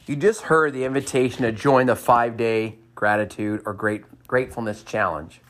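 A man's voice: medium pitch, moderate pace, a bit bright. A man hosting a motivational podcast, cheering listeners on with repeated upbeat lines and a personal story. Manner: enthusiastic, sing-song cheerleading repetition.

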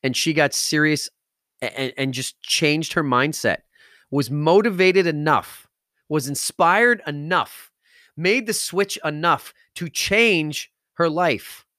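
A man's voice: on the high side, takes it slowly, bright, forceful tone, no room sound, studio quality. A man hosting a podcast, telling an emotional story with intense, emphatic delivery that rises into outbursts. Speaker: podcast host.

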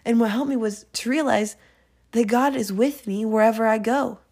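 A woman's voice: fairly high pitch, moderate pace, a little mellow. A young woman talks casually through a devotional episode she hosts. Her delivery is earnest and chatty, full of little fillers and self-corrections as she works through her thoughts. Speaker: faith podcast host.

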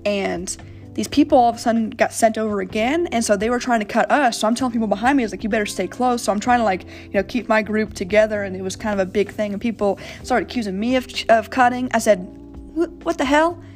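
A woman's voice: a little high, fast talker, faint music behind. A young woman hosting a podcast, telling a travel story in a rambling, casual way with plenty of swearing. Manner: rambling, profane, animated retelling. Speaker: podcast host.

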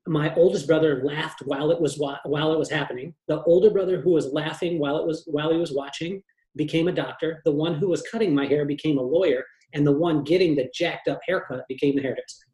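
A man from California, a hairdresser, tells his life story in an easy, joking way and slips into voices for the people in it. His voice sits a little high for a man, and the room around him rings with echo. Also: fast talker. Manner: animated, joking, acts out family members' voices. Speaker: guest hairdresser. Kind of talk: storytelling in a podcast interview.

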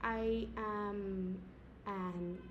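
A young woman from India with a squeaky voice, rambling and giggling through an improvised podcast from home late at night. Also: steady tone, extremely slow, dull audio, a little hiss or hum. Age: young adult. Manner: giggly, rambling, self-mocking. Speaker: podcast host. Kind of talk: casual improvised podcast chat.

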